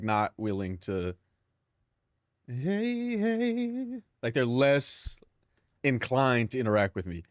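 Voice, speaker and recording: A man's voice: medium pitch, no room sound, clean studio sound. A young man streaming live, rambling casually to his chat and himself, swearing freely.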